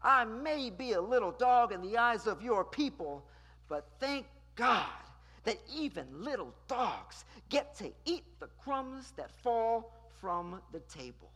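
A preacher voicing a bold, indignant Canaanite woman who stands up for herself, with a husky voice. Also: mid-range voice, very animated, slow pace, a bit bright, full character voice. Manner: bold, defiant. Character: indignant Canaanite woman pleading her case. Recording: long reverb in a large hall.

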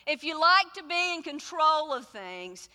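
A woman's voice: high voice, big pitch swings, measured pace, pushed and bright. A woman preaching a sermon in a church, telling the story dramatically with emphatic, repeated phrases. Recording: echoey hall reverb.

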